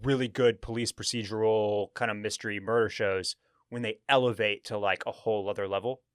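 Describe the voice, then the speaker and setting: A man's voice: fairly low pitch, steady tone, fairly quick, no echo. A man hosting a podcast in a studio, chatting casually and often restarting his sentences. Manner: rambling, self-correcting, many restarts. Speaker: podcast host. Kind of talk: casual chat.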